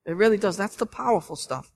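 Earnest preaching pastor, slightly high voice. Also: male voice, lively intonation, quick pace, creaky. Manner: earnest, emphatic preaching, rising to loud bursts. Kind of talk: sermon. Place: church sanctuary.

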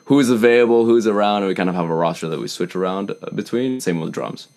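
A man's voice: on the low side, fast talker. A young man from Canada, a musician being interviewed, chatting casually and acting out quotes with animation. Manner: animated storyteller, acts out quotes. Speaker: musician guest.

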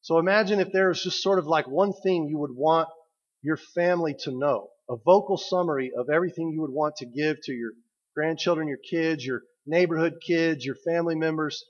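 Man preaching on a dull lo-fi recording. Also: on the high side. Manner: conversational, emphatic preaching with slow pauses. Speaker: pastor. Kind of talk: sermon.

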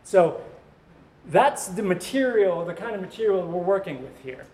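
A man's voice: high-pitched, animated, normal speed, darkish tone. A male pastor preaching a sermon in a conversational way, with joking asides to the congregation.

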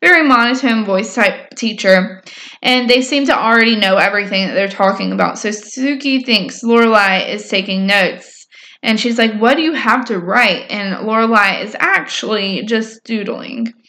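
Bright, chatty woman. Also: mid-range voice, moderate pace. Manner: rambling, filler-heavy, chatty storytelling. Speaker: podcast co-host recapping episodes. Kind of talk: casual chat.

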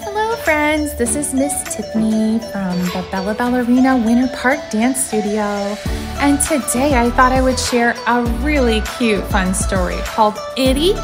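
A woman dance teacher reading a storybook aloud to children, animated and talking to them directly. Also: on the high side, moderate pace, music in the background. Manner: animated, addresses kids directly.

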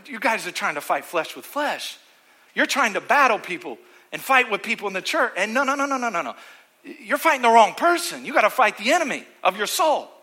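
A pastor preaches to his congregation in a church auditorium. His voice is high and very bright, and his delivery is animated and sarcastic, with acted-out voices. He keeps calling on the room to say the words back to him. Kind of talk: sermon.

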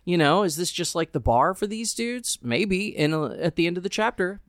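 A woman's voice: on the low side, animated, moderate pace, dry recording, clean studio sound. A woman, a journalist, co-hosting a book podcast in a chatty, emphatic way. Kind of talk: casual book discussion and reading aloud.

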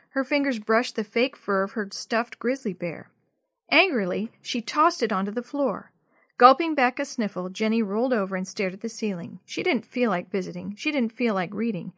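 A woman reading a chapter book aloud to children in an expressive storytelling voice. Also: medium pitch, no room sound, clean studio sound.

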